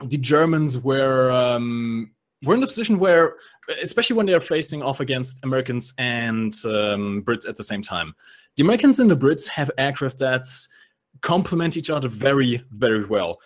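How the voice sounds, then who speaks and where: A man's voice: mid-range voice, lively intonation, normal speed. A man talking through game tactics on a podcast. He explains matchups analytically and drops the odd jokey aside. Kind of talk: casual gaming podcast chat.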